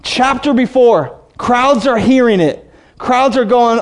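A pastor preaching a sermon, animated, slowing down to read scripture and acting out quotes. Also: male voice, extremely high pitch. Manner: animated preaching, reads scripture slowly, acts out voices.

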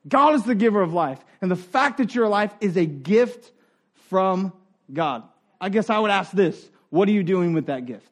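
A middle-aged man preaching a sermon in an earnest, conversational way, dropping to quiet asides and rising for emphasis. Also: high-pitched, expressive, moderate pace. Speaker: pastor.

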